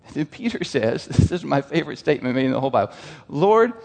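A man preaching a sermon in an animated way, asking the congregation questions. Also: mid-range voice, rapid-fire, vocal fry, in a large hall. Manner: animated, asks the crowd questions, lively quoted voices.

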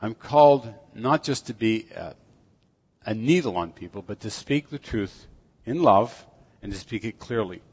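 An older man delivering a sermon in an earnest, measured way, with self-deprecating asides. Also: lowish voice, animated, a little mellow, husky. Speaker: preacher. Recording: dull audio with long hall reverb.

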